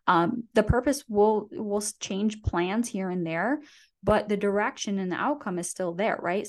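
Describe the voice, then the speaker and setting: A woman guest on a podcast, talking in a coaching, motivational way with frequent "right?" and "you know". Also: mid-range voice. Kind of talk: motivational conversation.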